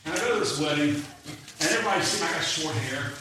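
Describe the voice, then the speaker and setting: A man's voice: on the high side, fast. A man preaching a sermon, telling personal stories and acting out the voices of the people in them. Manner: animated, acts out quoted voices. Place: church sanctuary. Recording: echoey hall, mic far off, faint noise.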